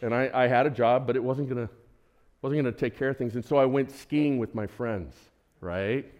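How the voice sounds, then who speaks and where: A man's voice: medium pitch, moderate pace, highs cut off. A man in his sixties preaching a sermon, telling a personal story and acting out his own prayers and conversations. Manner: animated, acts out his own prayers and dialogue.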